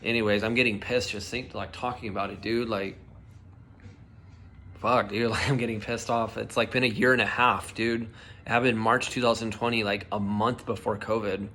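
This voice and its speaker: A man's voice: lowish voice, flat delivery, moderate pace, sharp tone, slight background noise. A young man telling a personal story in a casual vlog, heated and emotional, swearing a lot and filling with "like" and "dude", his voice shaking. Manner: heated, swears often, many likes and dudes. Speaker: vlogger.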